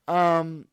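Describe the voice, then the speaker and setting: Young woman podcast host, chatty rambly, lowish voice, dry sound. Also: clear, resonant tone, dry recording. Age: 20s. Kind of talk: casual sports podcast talk.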